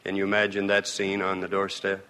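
Bright-voiced man speaking in a reverberant hall. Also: low voice, completely flat delivery, a little fast. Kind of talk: sermon address.

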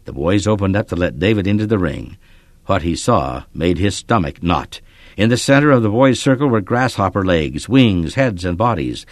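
A man with a lowish voice reads a children's story aloud, his pitch moving in a lively way. The delivery is expressive and measured. The sound is dry and close, with no room reverb. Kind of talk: scripted narration of a children's story.

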